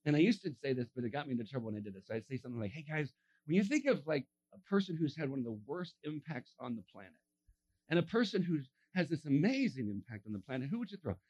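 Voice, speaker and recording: A man preaching a sermon, telling stories and acting out the voices of the people in them, dropping to a hush and then rising to a shout. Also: on the high side, big pitch swings, fast, dull audio. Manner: acts out voices in his stories, swings from hushed to shouting. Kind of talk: animated sermon storytelling.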